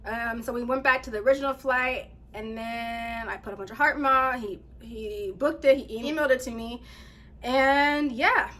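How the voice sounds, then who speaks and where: A woman vlogger casually telling a story to her viewers, animated, laughing often and reading text messages aloud. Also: a little high, normal speed.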